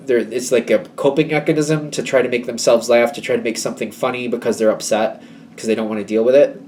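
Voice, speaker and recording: A man with a medium-pitched, warm voice gives a casual, rambling tarot reading, chatting away and acting out little exchanges between people. The mic sounds distant, with a little hiss or hum.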